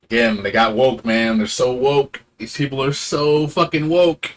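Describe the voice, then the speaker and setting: A man's voice: medium pitch, steady tone, unhurried. A man streaming a game, ranting in a casual, profane and sarcastic way, now and then mocking other people in put-on voices.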